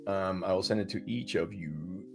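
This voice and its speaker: A man's voice: low voice, moderate pace, vocal fry. Guy hosting a stream, jokey and scattered, faint music behind. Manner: jokey, scattered, laughs often. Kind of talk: casual livestream chat.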